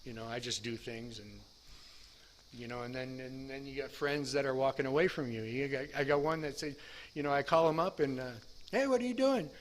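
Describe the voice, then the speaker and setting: A man's voice: medium pitch, steady tone, a little fast, slight background noise. Candid man rambling through a recovery story. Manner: rambling, candid, self-deprecating with restarts. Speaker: speaker sharing his recovery story. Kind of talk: personal testimony.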